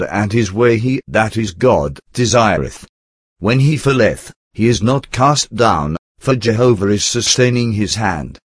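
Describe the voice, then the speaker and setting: Guy with a lowish voice reading a bible essay out loud, slow and deliberate, dry close sound. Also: dry recording. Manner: measured, deliberate reading of scripture verses. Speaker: reader of a theological essay. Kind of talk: read-aloud religious essay.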